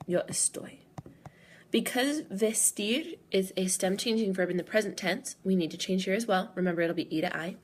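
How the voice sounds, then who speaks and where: A woman's voice: mid-range voice, moderate pace, slight background noise. A woman teacher explaining grammar patiently, step by step, in a recorded lesson. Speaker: Spanish teacher.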